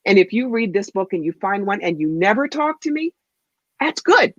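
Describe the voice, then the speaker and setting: Woman guest, punchy storyteller, lively pitch, dry lo-fi sound. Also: moderate pace, no room sound. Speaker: psychic medium and author, guest. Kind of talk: interview storytelling.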